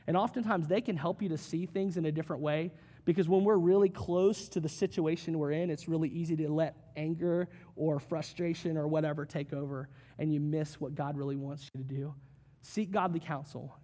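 A male pastor giving a conversational sermon, with joking asides and quick acted quotes. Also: on the high side, a little mellow.

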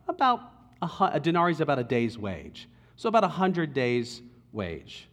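Male pastor preaching in an echoing hall. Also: on the high side. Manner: conversational storytelling, drops to hushed tones. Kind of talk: sermon.

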